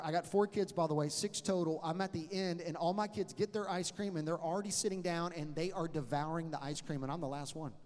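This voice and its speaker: A middle-aged man, preaching a sermon and telling stories with animated swings between loud and hushed delivery. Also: a little high. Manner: animated storytelling with sudden drops to a hush. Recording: long hall reverb.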